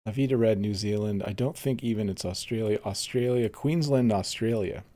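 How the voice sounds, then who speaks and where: A man's voice: lowish voice, moderate pace, warm tone. A man teaching English on a casual live stream, chatting easily and reading viewer comments aloud while he plays a game. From Canada.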